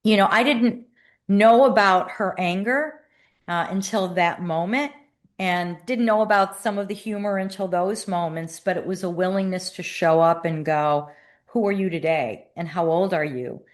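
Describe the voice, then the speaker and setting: A woman guest and author speaking in a measured, thoughtful way in an interview. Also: on the low side. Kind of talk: reflective interview talk.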